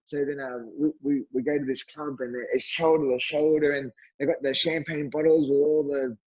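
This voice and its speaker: Aussie guy, husky, slightly high voice, lively raconteur acting out quotes. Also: normal speed, highs cut off. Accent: Australian. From Australia. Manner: animated anecdote teller, acts out quotes. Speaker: podcast guest. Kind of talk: casual storytelling.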